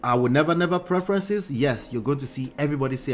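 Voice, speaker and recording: A man's voice: medium pitch, quick pace. A man hosting a live reaction show, talking animatedly to his chat, often mocking and laughing.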